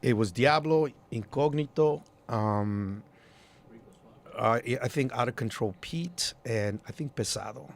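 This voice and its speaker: A man's voice: medium pitch, unhurried, gravelly. A man, a club promoter and DJ, telling stories in a casual interview and acting out quoted voices. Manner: animated, acts out quoted voices.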